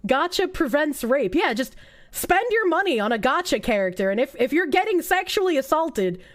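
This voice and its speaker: A woman streaming live, reacting in a sarcastic, incredulous and profane way with frequent laughs. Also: very high voice. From United States. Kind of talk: casual livestream reaction.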